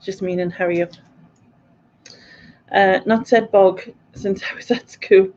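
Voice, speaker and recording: A woman's voice: mid-range voice, steady tone, unhurried, a little mellow, highs cut off. A woman with a Sunderland accent, hosting a live quiz stream in a chatty, informal way full of local slang. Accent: Sunderland (Mackem) English. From North East England. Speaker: quiz host. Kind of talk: casual live-stream chat.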